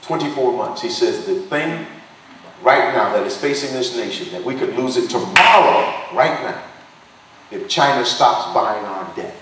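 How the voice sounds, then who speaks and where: A man's voice: mid-range voice, expressive, a little slow. Preaching man in an echoey hall. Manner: emphatic preaching cadence with repetition. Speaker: pastor and congressional candidate. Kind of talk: impassioned political sermon. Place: potluck dinner hall. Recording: distant echoey room recording with faint noise.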